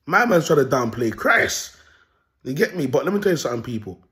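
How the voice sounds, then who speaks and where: Animated man, street-talk monologue. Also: medium pitch, a little fast. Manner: streetwise slang, animated, often asks "you get me". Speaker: self-styled prophet vlogger. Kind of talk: casual storytelling monologue.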